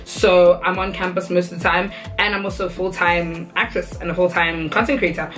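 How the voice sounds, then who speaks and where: A young woman talking casually to her viewers in a vlog, bubbly and chatty, her voice jumping up into squeals when she gets excited. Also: lowish voice, brisk, soft background music. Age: young adult. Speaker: content creator.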